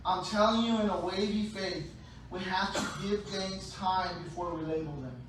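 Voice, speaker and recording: A man preaching a sermon, playful, acting out scenes with sudden shouted voices, recorded in a large church hall. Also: sits high, normal speed. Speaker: pastor. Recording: echoey hall, distant mic, faint noise.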